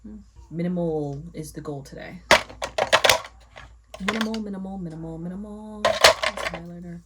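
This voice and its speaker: A woman with a lowish voice talks through her routine at home, rambling and thinking out loud. Her chatter comes over steady, clearly audible background noise. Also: moderate pace. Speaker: vlogger. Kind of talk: casual rambling narration. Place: at home, getting ready.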